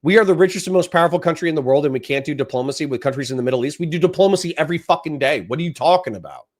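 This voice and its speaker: A man's voice: a little high, expressive, racing. A man live-streaming commentary on a debate, ranting and swearing in exasperation. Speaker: livestreamer reacting to a debate.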